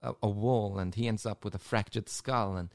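A priest telling his own story in an interview, emotional and halting, often repeating words. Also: fairly low pitch, fairly even intonation, gravelly, dry recording, studio quality. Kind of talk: personal testimony in an interview.

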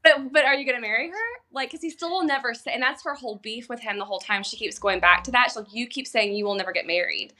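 A woman co-hosting a podcast in casual chat, animated and acting out quoted lines. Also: on the high side, fast talker, few pauses. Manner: animated, acts out quoted dialogue. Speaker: podcast co-host.

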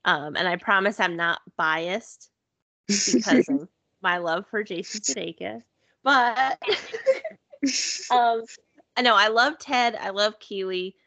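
A woman's voice: mid-range voice, animated, slow pace, long pauses, pushed and bright, dry recording. A woman in casual conversation, chatty and upbeat, filling her talk with "like" and "you know". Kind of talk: casual chat.

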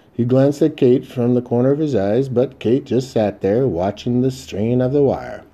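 Male audiobook narrator, dark timbre, steady measured read. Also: medium pitch, lo-fi sound. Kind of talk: scripted first-person Western narration.

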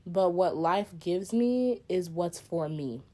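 A woman's voice: lowish voice, lively intonation, slow, warm tone, no echo. A woman hosting a casual solo podcast, speaking candidly and reflectively and cursing freely in a slang-heavy drawl. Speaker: podcast host.

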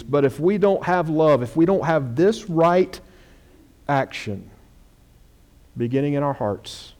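A man preaching a sermon as pastor, stressing words loudly and then dropping to quiet asides, in a church with a screen behind him. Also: a little high. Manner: emphatic preaching, swings from loud stresses to quiet drops.

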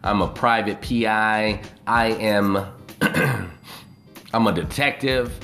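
A man's voice: lowish voice, slow, creaky, sharp tone, faint music behind. A man talking casually on a live video, rambling and swearing freely as he tells a story. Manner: profane, loose and rambling.

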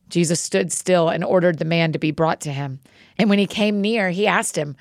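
Female scripture reader, measured and even; dry, gravelly low voice. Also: dry recording. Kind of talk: scripture reading.

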